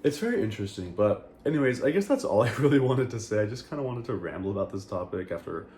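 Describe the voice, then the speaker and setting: A man's voice: on the low side, animated, fast, a little mellow. A young man chatting candidly to camera in a vlog, rambling with lots of fillers and casual swearing. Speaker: vlogger. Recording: echoey room with faint noise.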